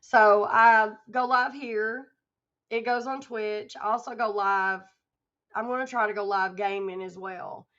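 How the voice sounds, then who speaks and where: A woman's voice: medium pitch, fairly even intonation, a little slow, a bit bright. A tired woman, chatting affectionately and rambling with her livestream viewers as her voice starts to give out. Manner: affectionate, rambling, laughs often. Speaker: livestream host. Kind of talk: casual livestream chat with viewers. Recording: dull lo-fi stream audio.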